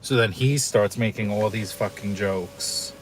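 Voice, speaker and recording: A man's voice: lowish voice, a little slow, slight background noise. Candid, foul-mouthed man telling a story. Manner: candid, emotional, swears freely. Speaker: YouTube channel host. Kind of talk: casual storytelling vlog.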